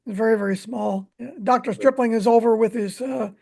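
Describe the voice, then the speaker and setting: A man's voice: extremely high pitch, fairly even intonation, a little fast, vocal fry, darkish tone. A man co-hosting a podcast, chatting in an easygoing, informative way. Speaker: podcast co-host. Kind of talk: casual chat.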